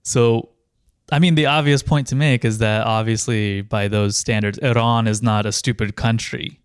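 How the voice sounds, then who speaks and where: A man's voice: lowish voice, fairly even intonation, normal speed, smooth, dry recording, studio quality. A man co-hosting a podcast, chatting about politics in a rambling, sardonic way with lots of fillers. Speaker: podcast co-host. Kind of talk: casual political chat.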